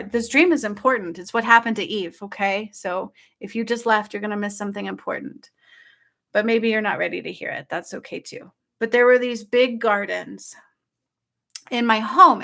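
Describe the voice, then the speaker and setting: A woman telling her viewers about a dream in casual, excited speech, often checking in with "okay?" and "like". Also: medium pitch, creaky. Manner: excited, breathless storytelling with frequent "like" and "okay?". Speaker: spiritual channel host.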